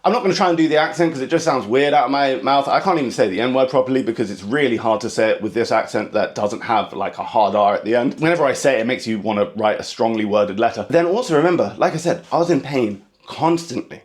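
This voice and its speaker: A stand-up comedian with an English accent rattles off a comic story in a fast, animated monologue. He's an impatient talker who keeps breaking into high mock voices as he tells it.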